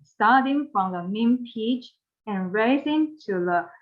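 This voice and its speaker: A woman's voice: on the high side, animated, takes it slowly. A woman with Mandarin as her first language, teaching pronunciation in a recorded online lesson, patient and repeating each phrase. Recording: dull lo-fi recording.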